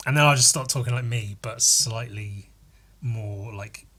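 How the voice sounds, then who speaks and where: A man's voice: mid-range voice, measured pace, a bit bright, breathy edge. A man hosting a solo podcast, rambling and self-mocking and swearing freely. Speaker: podcast host. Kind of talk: casual solo podcast chat.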